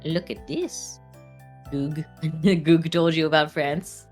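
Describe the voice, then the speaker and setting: A woman's voice: low-pitched, slow pace, a little mellow, faint music behind. A young woman streamer chatting casually while drawing, rambling and giggly with lots of fillers.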